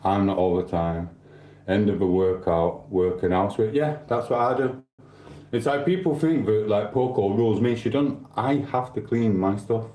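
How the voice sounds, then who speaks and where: A man's voice: on the low side, normal speed, dark tone, roomy sound. A man hosting a stream, rambling in casual chat with swearing and asides to viewers. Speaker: livestream host.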